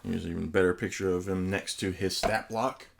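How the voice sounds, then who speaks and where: Host with a very low voice doing a casual unboxing review, chatty and enthusiastic. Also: male voice, fairly even intonation, a little fast, gravelly, a little hiss or hum. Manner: enthusiastic, chatty, with hesitant pronunciations. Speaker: host reviewing tabletop game books.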